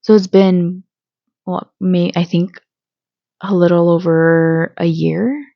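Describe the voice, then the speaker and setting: Woman vlogger, low voice, hesitant, lots of ums, dry close sound, slightly dull recording. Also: steady tone, slow, dry recording. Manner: hesitant, many ums and restarts. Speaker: channel host. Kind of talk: personal storytime vlog.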